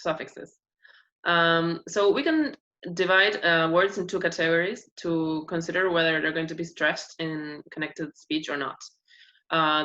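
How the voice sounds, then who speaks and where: A woman with a fairly low but bright voice explains points of phonetics in a class presentation, often pausing on "uh" fillers. The recording sounds dull and lo-fi.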